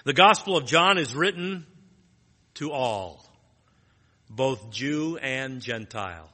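A man's voice: mid-range voice, lively intonation, slow, sharp tone, big-room sound. A man teaching a Bible lesson in a plain teaching tone, asking rhetorical questions and restarting phrases.

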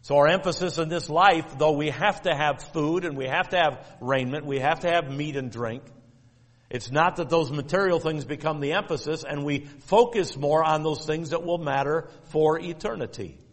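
A man delivering a sermon, teaching in a measured, emphatic way and repeating key phrases. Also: fairly high pitch, long reverb tail. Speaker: preacher.

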